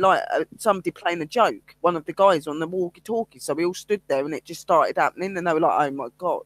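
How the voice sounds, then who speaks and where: A woman's voice: fairly low pitch, no room sound. A woman, a paranormal investigator and medium, telling ghost stories in casual livestream chat and acting out the voices of others. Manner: animated storytelling, acts out other people's lines.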